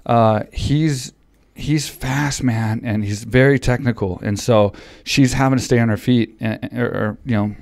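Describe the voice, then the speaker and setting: A man's voice: medium pitch, steady tone, measured pace, gravelly, a little mellow, no echo, studio quality. A man hosting a podcast in casual chat, still a little out of breath, rambling with many restarts. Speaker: podcast host and coach. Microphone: studio podcast mic.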